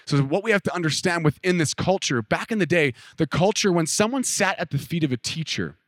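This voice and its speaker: Man, pastor, relaxed conversational sermon, slightly high voice, dry sound. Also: fairly quick, dry recording. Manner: casual, conversational preaching with filler "like" and acted-out quotes.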